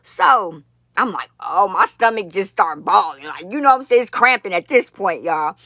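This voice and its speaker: A woman vlogger telling a long personal story to her viewers, blunt, profane and animated, with many asides to the audience. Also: medium pitch, moderate pace, no room sound, clean studio sound. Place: lives in Las Vegas.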